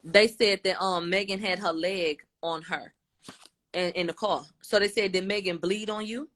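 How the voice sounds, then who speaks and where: A woman's voice: mid-range voice, steady tone, normal speed, a bit bright. A woman giving a casual, blunt recap of courtroom testimony, voicing both the questions and the answers in turn. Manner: informal, blunt, with slang. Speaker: commentator.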